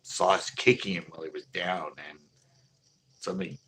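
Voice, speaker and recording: A man's voice: low voice, steady tone, brisk, a bit bright, slight background noise. A man who runs a local store, telling a casual live story in a rambling, profane way with many restarts. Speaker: local fish store owner.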